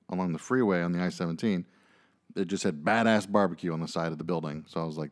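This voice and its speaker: A man's voice: sits low, fast talker. A man co-hosting a podcast, telling stories in casual chat with lots of fillers and jokey asides. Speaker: podcast co-host.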